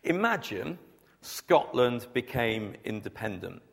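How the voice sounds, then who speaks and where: A man's voice: medium pitch, takes it slowly, gravelly, breathy edge. A man preaching a sermon, mixing scripture with humorous storytelling. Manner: storytelling with humor, animated when acting out scenes. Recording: long hall reverb.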